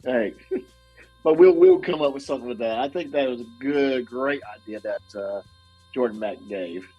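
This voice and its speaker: A man's voice: medium pitch, normal speed, breathy edge, dull audio, soft background music. A middle-aged man with a Southern accent hosting a casual podcast, rambling and laughing often at himself. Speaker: host.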